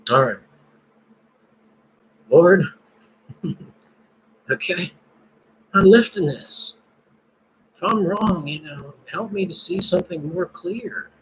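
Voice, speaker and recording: A man's voice: sits high, animated, takes it slowly, long pauses, slight background noise, rough recording. A man hosting a casual live stream, musing and praying aloud between his thoughts. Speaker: podcast host.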